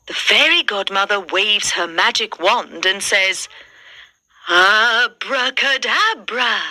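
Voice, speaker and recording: A woman reading a children's story aloud slowly and clearly, with a lot of expression, for learners. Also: mid-range voice, pushed and bright, no room sound.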